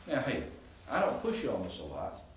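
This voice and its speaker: A man's voice: mid-range voice, huge pitch swings, brisk, recorded from a distance. A man lecturing on grammar to a class in an informal, explanatory way, often checking in with the students. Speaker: Greek professor. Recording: echoey classroom recorded from afar with faint hiss.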